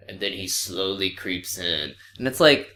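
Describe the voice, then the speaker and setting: A man co-hosting a podcast, chatting casually about a movie, animated and swearing freely. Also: low-pitched, a little slow, echoey room. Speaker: podcast co-host. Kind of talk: casual movie review chat.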